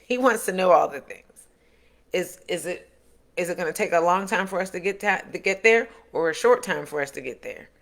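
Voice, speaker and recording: Bright, forceful woman giving parenting advice. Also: mid-range voice. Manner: earnest, coaching, repeats and rephrases points. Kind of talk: direct-to-camera advice talk.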